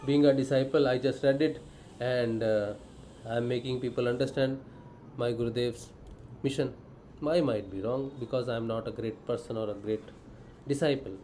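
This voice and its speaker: A man's voice: medium pitch, fairly even intonation, moderate pace, darkish tone, slight background noise, poor audio. Earnest man teaching devotion. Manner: earnest, asks and answers his own questions. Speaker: spiritual disciple explaining scripture.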